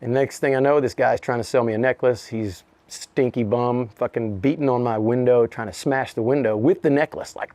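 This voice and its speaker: A fifties-aged American rapper, interviewed as a guest, races through a story a little fast at medium pitch, with hardly any pauses. He's animated and profane, laughing often and voicing the quotes himself, all on a dry recording.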